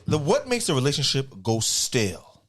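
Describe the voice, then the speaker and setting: A man's voice: medium pitch, huge pitch swings, normal speed. A young man from New York City co-hosting a podcast, asking questions in slangy, casual talk. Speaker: podcast co-host. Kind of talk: casual chat.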